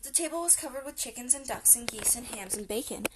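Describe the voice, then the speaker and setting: A woman narrating a children's storybook in a lively, expressive reading. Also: on the high side, fast talker, very noisy. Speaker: audiobook reader.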